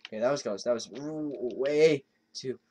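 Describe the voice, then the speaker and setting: A woman's voice: extremely low pitch, moderate pace, slight background noise. A woman commenting on her own gameplay as she plays, exclaiming often and talking to herself in frustration. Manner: excitable, exclaiming, frustrated self-talk. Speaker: let's play host.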